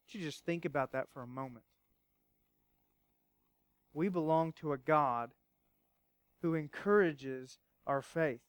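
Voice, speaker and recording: A man pastor preaching a sermon, emphatic at times and hushed at others, asking rhetorical questions. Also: fairly high pitch, a little slow, pauses often, clear, resonant tone, no echo.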